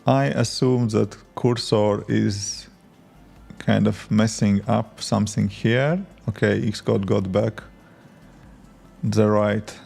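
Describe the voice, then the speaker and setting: A man with a low, gravelly voice, chatting loosely on a coding live stream. He thinks out loud and answers viewers between tasks. Soft music plays faintly behind him. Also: fairly even intonation, slow. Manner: thinks aloud, talks to chat and to his tools. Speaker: app developer streaming his work. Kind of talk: casual live-stream chat while coding.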